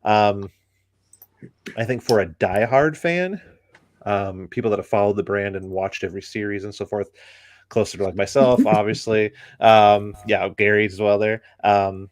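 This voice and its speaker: A man's voice: on the low side, normal speed, no room sound. A man in casual chat, giving an opinionated critique full of ums and likes. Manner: rambling, many ums and likes.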